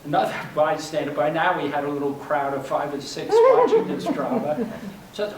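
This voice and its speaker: Older male storyteller, wry and self-mocking, slightly high voice, recorded from across a roomy hall with faint hum. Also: animated, moderate pace, far from the mic. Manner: wry, self-deprecating, laughs at his own punchlines. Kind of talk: personal story performed for a live audience. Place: library workshop room.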